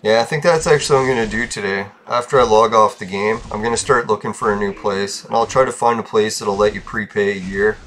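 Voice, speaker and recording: Low-voiced guy ranting bitter and sweary on his podcast, bit of faint hum behind. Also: quick pace, hardly any pauses, fairly bright tone. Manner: bitter, profane, venting. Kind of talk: casual ranting monologue.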